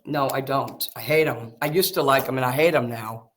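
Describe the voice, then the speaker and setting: A man's voice: medium pitch, normal speed, a bit bright. A man in heated casual conversation, agitated and defensive, swearing often. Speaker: streamer talking with a friend.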